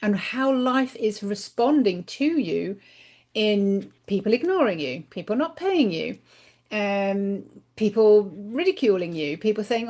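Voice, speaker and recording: A woman's voice: mid-range voice, expressive, a little slow, a little mellow. Emphatic woman giving a spiritual card reading. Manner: emphatic, repeats words for stress. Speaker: spiritual card reader and channel. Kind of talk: inspirational monologue to camera.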